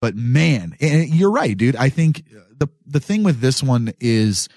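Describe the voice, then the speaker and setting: Animated, swearing podcast co-host. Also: male voice, mid-range voice, a little slow, no room sound, studio quality. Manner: animated, swearing, breaks into mocking voices. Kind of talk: casual chat.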